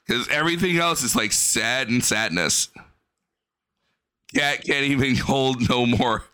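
Brief: young man, crude mocking stream commentary, bright crisp voice, dry sound. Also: mid-range voice, no room sound. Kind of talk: profane reaction commentary.

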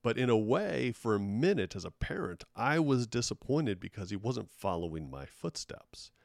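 Low-voiced man telling a story. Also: sing-song, moderate pace, gravelly, dry recording, clean studio sound. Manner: storytelling, reflective. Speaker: podcast host. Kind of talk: casual interview chat.

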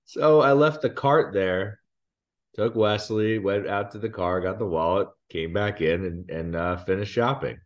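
A man's voice: fairly low pitch, unhurried, highs cut off. A man co-hosting a podcast, chatting casually and telling a rambling, self-deprecating story, laughing at himself. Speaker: podcast co-host. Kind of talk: casual chat.

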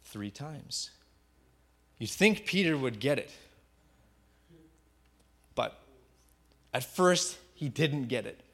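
A male pastor delivering a sermon as an unhurried story, his pitch sitting in an ordinary middle range. He paints scenes vividly, often sinking into hushed, quiet tones for weight. Now and then he repeats a word while he gathers his thought. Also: animated, creaky. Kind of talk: sermon retelling a Bible story.

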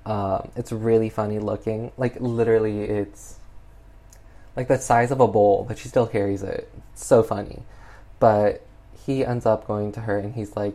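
A casual, exasperated reviewer walks through a film's plot, peppering every sentence with "like" and "um." The voice sits at an ordinary middle pitch. The delivery is loose, rambling and openly fed up. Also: steady tone, slow, pauses often, mellow. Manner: chatty, exasperated, heavy use of "like". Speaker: film reviewer. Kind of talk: casual film recap.

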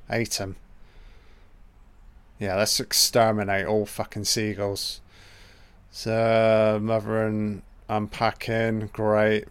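A man hosting a casual film commentary, reacting excitably and swearing freely as the film plays. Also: fairly low pitch, smooth, no room sound. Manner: profane, excitable running reactions.

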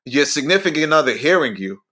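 A man's voice: fairly high pitch, big pitch swings, fairly quick, pushed and bright. A man with a lisp co-hosting a podcast, talking in a blunt, crude, joking way. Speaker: podcast co-host. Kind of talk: casual podcast banter.

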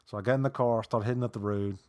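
A man with a Southern American accent, a podcast co-host telling profane stories in casual chat, jumping into loud quoted voices. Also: on the low side, fast talker, no echo, clean studio sound. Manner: profane, animated storytelling with loud acted quotes.

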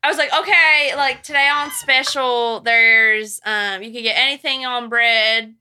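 A young woman with a high, bright voice tells a story in a loose, casual chat. She talks animatedly, laughs often, fills her speech with "like", and swears freely. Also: fairly even intonation, a little slow, clean tone. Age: young adult. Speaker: podcast co-host.

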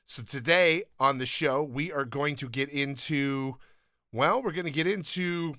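A man with a bright, fairly high voice hosts a Bible podcast in a casual, earnest way. He is eager and self-deprecating, and he often trips over his words and starts sentences again. His voice sounds close and dry, with no room echo. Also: measured pace. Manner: earnest, enthusiastic, self-deprecating, many restarts. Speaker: podcast host. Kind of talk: casual Bible podcast talk and scripture reading.

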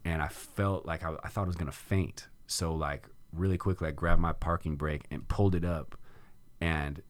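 A man's voice: low-pitched, steady tone, normal speed, dry recording. A middle-aged man hosting a podcast, telling a personal story in casual conversation and acting out his own past reactions. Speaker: podcast host.

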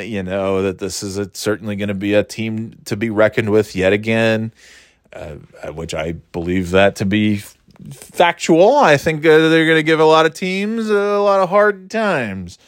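Man, mid pitch, dry close sound, casual sports rant, swearing, rambling, laughing. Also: clear, resonant tone, no room sound. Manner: profane, rambling, animated, laughs often.

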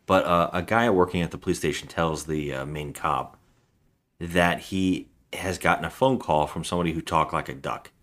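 A man's voice: low-pitched, moderate pace, fairly bright tone. A man hosting a casual podcast, rambling through a movie plot and acting out the scenes. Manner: rambling, acts out scenes in voices. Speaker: podcast host. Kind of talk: casual film review chat.

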